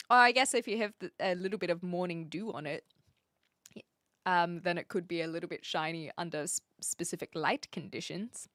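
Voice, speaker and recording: A young woman with a New Zealand accent, chatting with her stream and reading out comments, giggly and trailing off into quiet asides. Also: on the low side, fairly quick, dry recording, studio quality. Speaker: livestreamer.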